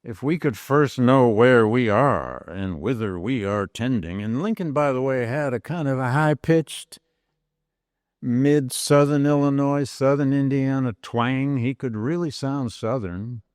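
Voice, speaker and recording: An older man, a history professor, giving a university lecture with lively storytelling and dramatic read-out quotes. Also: mid-range voice, measured pace, smooth, dry recording, clean studio sound. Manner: storytelling lecturer, animated quoting of historical speeches. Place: large chapel lecture hall.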